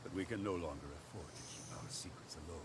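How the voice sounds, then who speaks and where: An actor voicing a solemn, proud male talking wolf in a video game, with grave, measured delivery. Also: low-pitched, close to an everyday voice. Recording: game audio with background noise.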